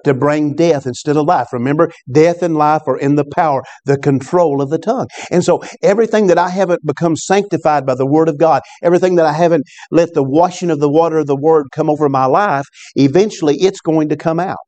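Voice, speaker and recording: Pastor guy preaching, mellow tone, keeps throwing amen asides at the crowd. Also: a little high, fairly quick, hardly any pauses. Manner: preaching with call-and-response asides. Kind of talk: sermon.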